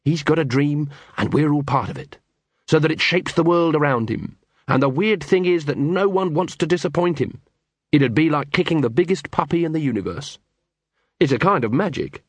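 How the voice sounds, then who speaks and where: A man giving scripted audiobook narration in a measured storytelling manner. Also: on the high side, slightly rough, dry recording.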